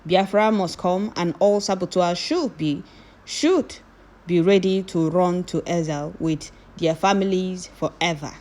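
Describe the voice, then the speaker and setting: A woman reading viewer comments aloud, moving from calm reading to loud scolding. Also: lowish voice, normal speed, few pauses.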